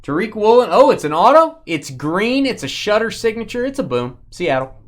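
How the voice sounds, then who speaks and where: Lively joking man hosting a card break. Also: high voice, moderate pace, noisy background. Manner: joking, teasing banter with off-camera crew. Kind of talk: live-stream card break commentary.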